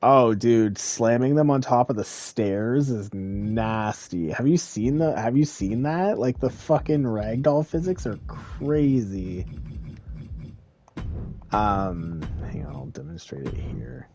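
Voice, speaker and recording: A man streaming a game, telling stories in a casual, animated way with lots of swearing. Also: mid-range voice, slow, slight background noise. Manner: animated storytelling, frequent swearing. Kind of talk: casual chat while gaming.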